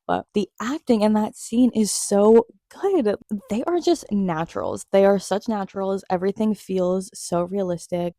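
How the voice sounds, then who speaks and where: A young woman recapping a TV episode in an excitable, gushing, chatty way. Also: medium pitch, no room sound, studio quality. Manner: gushing, excitable, laughs often. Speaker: TV recap vlogger.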